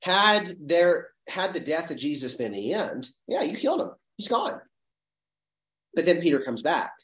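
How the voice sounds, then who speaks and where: Animated man leading a Bible study. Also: fairly high pitch, a little slow. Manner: animated, thinks aloud with restarts and rhetorical questions. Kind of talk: teaching a group Bible study. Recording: echoey room, voice from far off.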